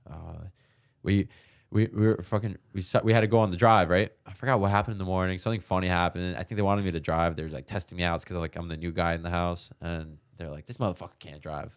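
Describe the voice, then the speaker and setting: A man's voice: low-pitched, fairly even intonation, quick pace, smooth. A man guest on a podcast, telling a rambling story in a loose, profane way with frequent laughs. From New York. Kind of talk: casual storytelling.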